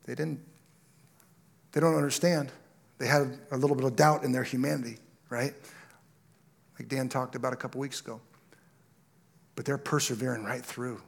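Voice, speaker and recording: A pastor, a man, preaching a sermon with personal stories that build into loud, impassioned exhortation. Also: mid-range voice, level tone, moderate pace, gravelly, long pauses, slightly rough.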